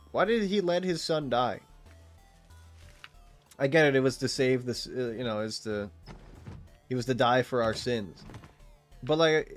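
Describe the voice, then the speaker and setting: A man live-streaming a game, chatting casually with viewers in a rambling, self-interrupting way, laughing often and swearing freely. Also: mid-range voice. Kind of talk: casual chat with viewers while gaming.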